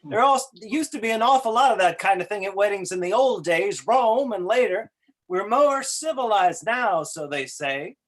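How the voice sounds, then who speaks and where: A man playing a wry stage manager who comments on the wedding and reads the vows in a measured way. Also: high voice, expressive. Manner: dry, measured narration.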